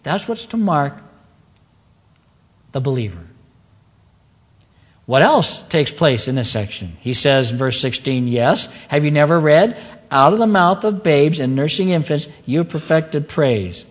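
Male pastor, earnest preacher, slightly high voice, long church-hall reverb. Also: very animated, a little slow, pauses often. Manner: earnest preaching with emphatic repeated phrases. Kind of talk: sermon.

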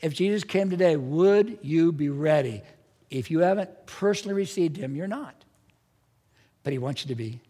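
A man's voice: fairly high pitch, animated, normal speed, mellow, husky. A man preaching a sermon as pastor, earnest and emphatic, with strong rises in his delivery. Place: church sanctuary. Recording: church hall with long reverb.

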